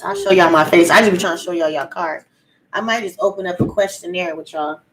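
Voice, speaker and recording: A woman's voice: fairly low pitch, brisk, a little hiss or hum, low-quality recording. A woman chatting casually on a tarot livestream from home, acting out voices and laughing often. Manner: loud, laughing, acts out voices with slang. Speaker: tarot reader and vlogger. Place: at home, cooking.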